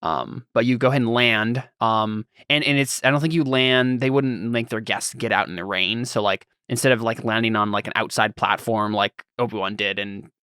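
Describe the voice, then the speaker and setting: A man's voice: on the low side, steady tone, moderate pace, few pauses, bright, forceful tone, clear, resonant tone, no echo, studio quality. A man narrating as game master for a tabletop game, rambling and searching for words as he describes the scene.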